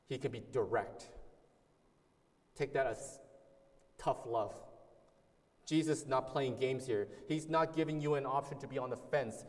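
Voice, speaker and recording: A male pastor delivering a sermon in an earnest, emphatic way, leaning on repeated words and now and then restarting a phrase. His voice sits at an ordinary middle pitch for a man. It carries a long reverberant tail, as if recorded in a large hall. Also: a little mellow.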